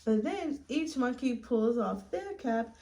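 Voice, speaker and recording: Woman story-time reader, slow and gentle, mellow tone, pauses to ask kids questions. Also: fairly high pitch, animated, a little hiss or hum, poor audio. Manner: gentle, asks listeners questions. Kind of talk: children's read-aloud.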